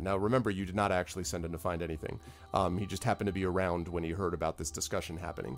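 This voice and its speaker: A man's voice: deep voice, fairly even intonation, very fast, few pauses, faint music behind. A man running a tabletop game as game master, narrating casually with fillers and laughs.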